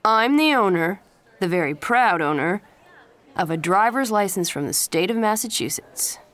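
A woman's voice: medium pitch, expressive, moderate pace, fairly bright tone, lightly acted. A woman reading the lines of a cocky, joking teenage boy in a storybook. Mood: proud.

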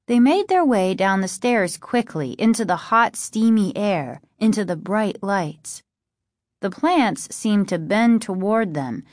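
A woman reading a chapter book aloud as an audiobook narrator, with steady, even storytelling. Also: medium pitch, dry recording, studio quality. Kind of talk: scripted narration.

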